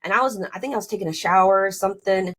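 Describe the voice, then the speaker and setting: Chatty woman reliving a story. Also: very fast. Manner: animated, acts out both sides of arguments with rising pitch; many fillers like "like" and "you know". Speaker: podcast guest telling her story. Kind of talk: casual storytelling.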